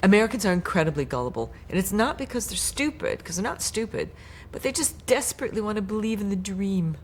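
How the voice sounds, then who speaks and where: A woman's voice: mid-range voice, sing-song, fast, soft background music. A woman giving her opinions in an emphatic street interview. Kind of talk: opinionated vox pop.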